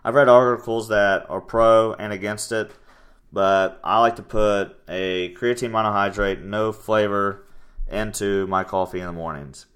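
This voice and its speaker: A young man co-hosting a casual fitness podcast, talking loudly in a rambling, teasing way. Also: fairly low pitch, steady tone, unhurried. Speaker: podcast co-host, strength coach.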